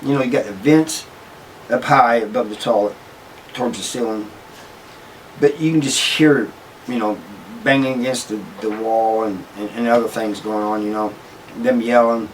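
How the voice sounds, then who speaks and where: A man's voice: fairly low pitch, fairly even intonation, normal speed, recorded from a distance, a little hiss or hum, poor audio. A man hosting his own channel, casually telling a story with many restarts and asides. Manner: rambling, with frequent restarts and "you know" asides. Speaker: channel host telling prison stories.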